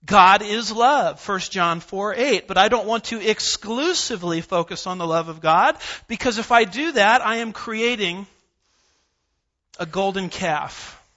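A man preaching in a church, his voice pitched high and bright as he drives his points home with repeated phrases and scripture references. The recording sounds a little dull and lo-fi. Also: measured pace. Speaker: pastor. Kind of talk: verse-by-verse sermon. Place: church sanctuary.

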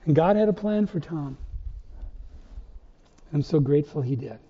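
Animated and at normal speed, a pastor with a slightly high voice fires off rhetorical questions with emphatic rises during his sermon. The sound is dull and lo-fi, with the reverberation of a church hall.

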